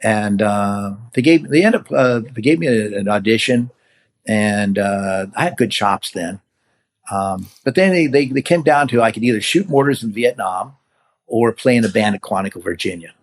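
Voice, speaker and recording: A man in his seventies from California, a guest in an interview, telling stories in a casual, animated way and acting out the voices of people he met. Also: fairly low pitch, moderate pace. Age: 70s. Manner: animated storyteller who acts out quoted voices. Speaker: guest, veteran hang glider pilot.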